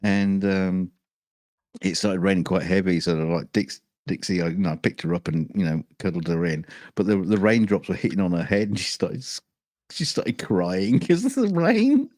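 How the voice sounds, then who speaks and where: A man's voice: sits low, expressive, normal speed, a little mellow, no room sound, studio quality. A man in casual chat, telling a rambling story and laughing his way through it. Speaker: show regular.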